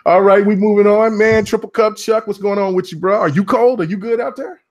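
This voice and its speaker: A man's voice: sits high, fairly even intonation, a little fast. A man hosting a casual gaming podcast over an online call, loose and joking, often repeating himself. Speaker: podcast host.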